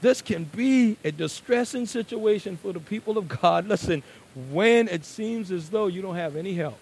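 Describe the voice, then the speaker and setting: A man preaching a sermon, moving between quiet, conversational asides and loud, emphatic declarations. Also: high-pitched, normal speed, creaky, breathy edge, rough recording.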